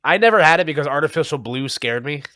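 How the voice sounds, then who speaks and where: Rambling, laughing podcast co-host. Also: male voice, fairly high pitch, lively intonation, quick pace, sharp tone, dry recording, clean studio sound. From North Jersey, USA. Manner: rambling, laughs between thoughts. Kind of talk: casual chat.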